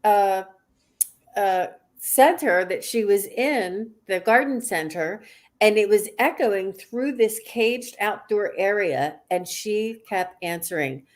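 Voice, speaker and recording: A woman's voice: mid-range voice, animated, slow. A middle-aged woman, a guest psychic, tells a story casually with many fillers and restarts. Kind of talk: casual storytelling on a live stream.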